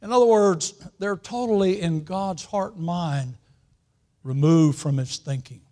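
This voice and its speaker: A man preaching a sermon, telling stories in a folksy way with drawn-out pauses and frequent throat clearing. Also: high-pitched, warm tone. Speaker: pastor.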